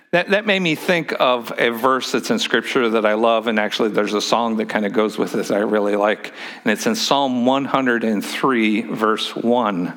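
A man's voice: mid-range voice, fairly bright tone. A male pastor preaching a sermon in a church, speaking in a conversational, joking way, leading the congregation in call-and-response and often repeating words as he restarts.

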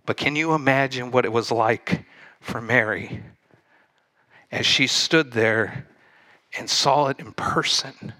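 A man preaching a sermon, retelling a Bible story with lively energy and asking the congregation questions directly. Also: medium pitch, slow pace, no echo. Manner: animated, speaks straight to the congregation.

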